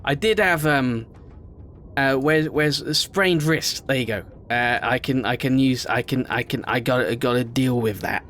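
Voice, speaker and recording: A young man giving casual let's-play commentary on a game, rambling, excitable, sometimes shouting and swearing at what happens. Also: mid-range voice, a little slow, a little hiss or hum. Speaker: gaming video host.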